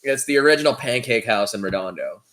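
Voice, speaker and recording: A man's voice: mid-range voice, expressive, quick pace, crowd noise. A man co-hosting a podcast, telling a story in a laid-back, casual way with plenty of swearing. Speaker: podcast co-host. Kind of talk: casual chat.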